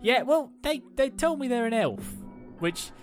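A woman's voice: on the high side, very animated, unhurried, faint music behind. A woman playing in a tabletop game, talking playfully with many hesitations. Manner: playful, hesitant, full of fillers. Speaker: player. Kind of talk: casual tabletop role-play.

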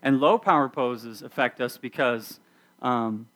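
A man's voice: mid-range voice, a little slow, a bit bright. A middle-aged man preaching a casual sermon to a youth group, speaking conversationally and leading the audience through activities. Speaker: youth pastor.

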